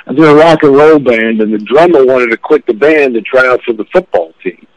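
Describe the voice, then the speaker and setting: A middle-aged man, an actor guest, telling animated stories in casual talk and laughing often. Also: medium pitch, fairly quick, dry recording. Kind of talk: casual storytelling. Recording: dull lo-fi phone line.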